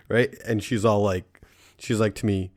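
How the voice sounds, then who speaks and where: Low-voiced young man rambling and swearing. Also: steady tone, takes it slowly, no room sound, clean studio sound. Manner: rambling, heavy swearing, filler "like" and "right?"; laughs at his own stories. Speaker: podcast host. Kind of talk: casual solo podcast monologue.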